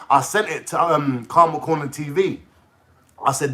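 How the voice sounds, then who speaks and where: A man ranting casually on a livestream, swearing and talking in an excitable way. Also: a little high, a little fast. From London.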